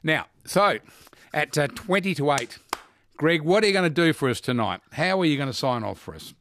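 A man hosting a radio quiz show, chatty and animated, laughing often. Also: on the high side, moderate pace, a little hiss or hum. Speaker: radio host. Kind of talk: casual radio quiz chat.

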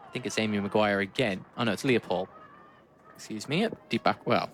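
A man calling a cricket match ball by ball, brisk and lively, lifting his voice on big shots and slipping in dry asides. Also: fairly low pitch, slight background noise. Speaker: cricket commentator. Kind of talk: live ball-by-ball commentary.

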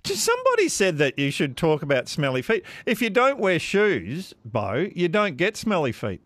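A man's voice: sits high, moderate pace, no room sound. A man hosting a casual radio quiz with callers, joking and laughing easily. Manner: animated, jokey, laughs easily. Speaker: radio host.

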